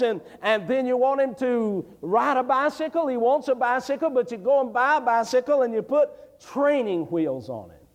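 A middle-aged evangelist preaches with a high voice that swoops widely between hushed lows and ringing peaks. His delivery is folksy and story-driven, and it climbs into fervent proclamation. The sound carries the long reverb of a church hall. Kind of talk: preaching a sermon. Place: church sanctuary.

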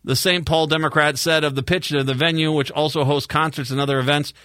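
A man's voice: a little high, steady tone, fast talker, fairly bright tone, dry recording, clean studio sound. A male radio talk show host from Minnesota, chatting casually with rambling repeats and sarcastic asides. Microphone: studio microphone.

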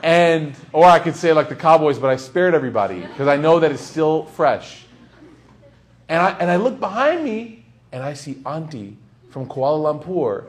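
A young man giving a casual, humorous sermon, telling stories with sudden loud bursts. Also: fairly high pitch, sing-song, normal speed. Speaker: Islamic speaker.

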